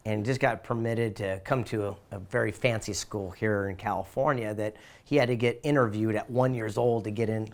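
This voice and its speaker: Enthusiastic storytelling man, mid-pitched. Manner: enthusiastic, acts out voices in anecdotes. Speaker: interview guest, author and speaker. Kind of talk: animated storytelling in an interview.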